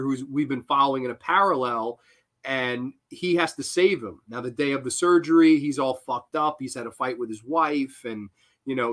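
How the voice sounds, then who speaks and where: Profane, excitable male movie reviewer. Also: a little high. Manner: profane, excitable, laughs often. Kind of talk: casual unscripted movie review.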